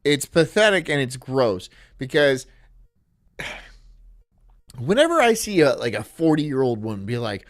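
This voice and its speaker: Male stream host, rambling crude banter, animated pitch, dry voice. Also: measured pace, long pauses, dry recording. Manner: rambling, laughing at his own jokes, loud bursts.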